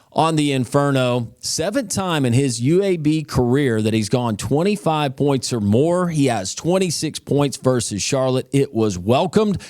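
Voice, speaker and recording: A man's voice: mid-range voice, a little mellow, dry recording, studio quality. A man hosting a sports podcast, reading a punchy news roundup and then interviewing a coach in an upbeat announcer style.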